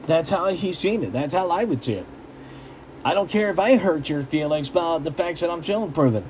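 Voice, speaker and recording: A young man who works as a political commentator gives a casual, ranting monologue in a fairly high but darkish voice. His opinions come out blunt, repetitive, and emphatic. The audio is poor, with slight background noise.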